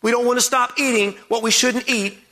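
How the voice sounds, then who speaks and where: A man's voice: extremely high pitch, steady tone, brisk, pushed and bright, in a large hall. A man preaching a sermon, emphatic and repetitive, who fires off strings of rhetorical questions.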